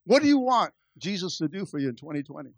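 A man's voice: on the high side, big pitch swings, quick pace, dry recording, highs cut off. A man preaching a sermon to his church, repeating phrases and restarting words as he presses his point. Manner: preaching with rising and falling intensity, many repetitions and stammered restarts. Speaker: pastor.

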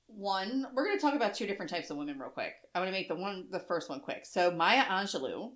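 A woman's voice: mid-range voice, expressive, quick pace, a bit bright. A woman co-hosting a casual podcast chat, chatty and gushing, with frequent laughter and repeated words. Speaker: podcast co-host.

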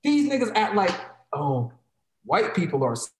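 A man's voice: high voice, very animated, normal speed, roomy sound, slight background noise. A man in heated, profane podcast talk, mocking others in quoted voices.

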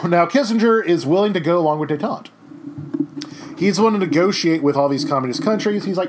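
A man's voice: a little high, animated, normal speed. A man teaching a history lesson over slides in a casual, joking way, with chatty off-the-cuff asides.

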